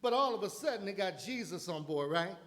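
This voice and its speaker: A man's voice: high-pitched, animated, a little fast, fairly bright tone. A man ministering in church, preaching a sermon with dramatic build-ups and acted-out voices. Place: church sanctuary.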